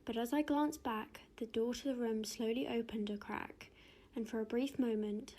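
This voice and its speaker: A woman telling a spooky childhood story in a hushed voice that drops to a whisper. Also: fairly high pitch, steady tone, normal speed.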